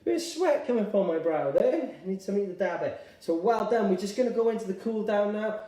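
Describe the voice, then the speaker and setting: A man leading a live gentle exercise class, upbeat and encouraging, calling out participants by name and a little out of breath. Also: high voice, expressive, a little fast, far from the mic. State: slightly out of breath. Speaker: exercise instructor. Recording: echoey room, voice away from the mic.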